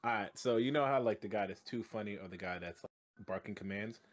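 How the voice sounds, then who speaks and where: Animated man telling gaming stories. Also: fairly low pitch, brisk. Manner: animated storyteller who laughs a lot. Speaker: podcast co-host. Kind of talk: casual gaming chat.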